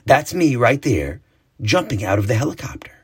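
A man voicing a cheerful older male war veteran, telling his stories in a warm, earnest way. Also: mid-range voice, sing-song, moderate pace, breathy edge. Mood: explaining.

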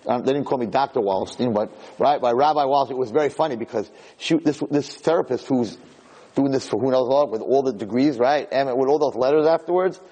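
A man, a rabbi, giving a lecture as an animated storyteller who acts out voices. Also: medium pitch, fast talker.

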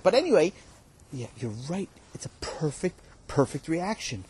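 A man teaching as a rabbi, telling a story to his students with gentle, patient encouragement. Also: on the high side, sing-song, normal speed, slightly rough. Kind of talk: storytelling lesson.

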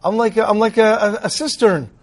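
Brief: man doing an earnest, pleading young man, high voice. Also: brisk, lightly acted. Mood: humble. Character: grown young man, tearful and pleading to learn.

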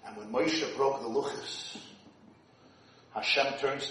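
A man giving an impassioned sermon, swinging from hushed tones to shouts. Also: mid-range voice, slow, pauses often, a little hiss or hum. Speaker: rabbi giving a speech. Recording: echoey hall, distant mic.

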